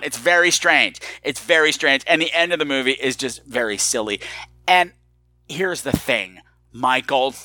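A man hosting a solo podcast, talking in an animated, theatrical, mock-menacing way and sometimes dropping to hushed asides. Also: fairly high pitch, moderate pace, dry recording. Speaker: podcast host.

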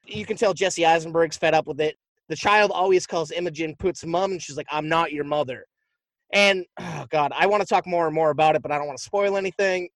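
A man's voice: fairly high pitch, brisk, no echo. A man co-hosting a podcast, casually and animatedly retelling a movie plot and swearing freely. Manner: animated, profane storytelling. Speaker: podcast co-host.

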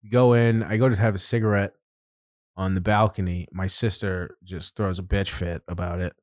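A man's voice: sits low, moderate pace, dry recording, clean studio sound. A man hosting a podcast who tells a story in casual chat, swearing freely and laughing often. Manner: laughing storyteller, profane and animated. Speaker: podcast host.

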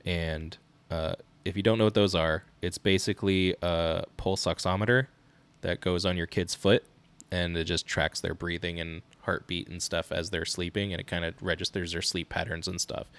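A man in his thirties, co-hosting a parenting podcast in casual chat, telling animated stories with laughs. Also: low voice, normal speed, clear, resonant tone. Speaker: podcast co-host.

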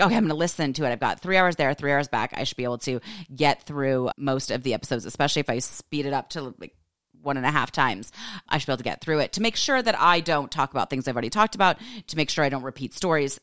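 A woman in her forties hosting her podcast from a home office, talking in a candid, chatty way. Her usual pitch sits low, but she leaps up into high, excited exclamations. The sound is close and dry, with no room echo. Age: 40s. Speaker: podcast host. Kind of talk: casual chat.

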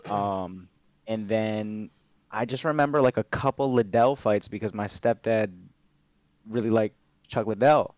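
A man's voice: lowish voice, measured pace, darkish tone, no echo. A young man telling stories in a casual interview, laid-back and swearing freely with plenty of fillers. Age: young adult. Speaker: guest, MMA fighter and streamer. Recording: dull, lo-fi dry sound.

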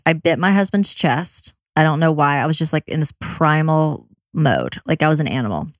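A woman candidly telling her own birth story, quick and blunt, with swearing and many fillers. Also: low voice, animated, dry recording, studio quality. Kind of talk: personal storytelling.

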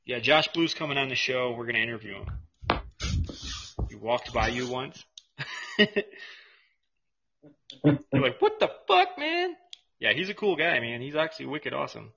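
A man co-hosting a podcast in casual chat, excitable and loose, swearing and calling people dude. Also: medium pitch, normal speed, creaky, long pauses, slight background noise. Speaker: podcast co-host. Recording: slightly muffled lo-fi audio.

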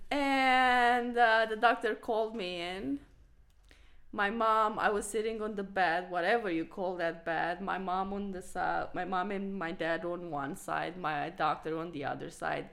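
A woman from Romania in her thirties, telling a childhood story in casual chat, animated and laughing as she acts out the people in it. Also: mid-range voice, unhurried, creaky.

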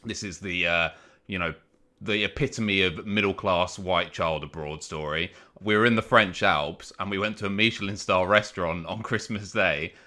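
A man's voice: low voice, moderate pace, bright, forceful tone. A man co-hosting a podcast, rambling through anecdotes with dry self-mockery. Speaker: co-host. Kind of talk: casual storytelling.

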